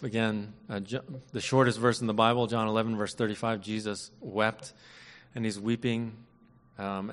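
Earnest preacher in an echoing hall. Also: male voice, lowish voice. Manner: earnest, measured preaching with emphatic repetitions. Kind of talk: sermon. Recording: long hall reverb.

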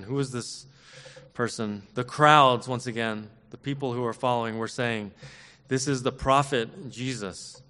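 Male preacher, earnest and measured sermon delivery with repeated emphasis, long hall reverb. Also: medium pitch, sharp tone.

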